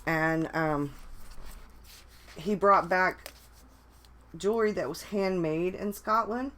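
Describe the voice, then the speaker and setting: A woman with a fairly low voice chats casually on a livestream. She rambles along, restarting her sentences and filling pauses with ums and likes. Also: a bit bright, slight background noise. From United States. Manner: rambling, with many restarts and fillers. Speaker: vlogger. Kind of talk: casual live chat.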